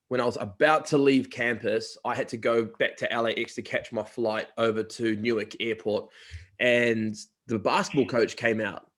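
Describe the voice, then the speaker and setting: A man's voice: medium pitch, a bit bright. A man with a New Zealand accent, a college recruiter, chatting casually as he interviews a guest and shares anecdotes.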